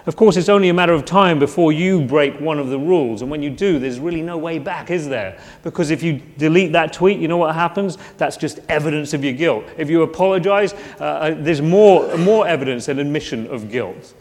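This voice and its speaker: A male preacher talks through his sermon conversationally, posing questions to the congregation and restarting phrases as he goes. His voice sits a little high for a man. Long reverb hangs behind every phrase, as in a big hall. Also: fairly quick, hardly any pauses, darkish tone.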